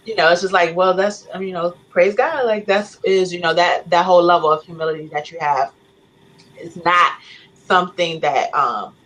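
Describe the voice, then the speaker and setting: A woman's voice: on the low side, normal speed, a bit bright, poor audio. Rambling woman, talk show tribute. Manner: rambling, full of fillers like "you know" and "like". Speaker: co-host. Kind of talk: casual chat, tribute.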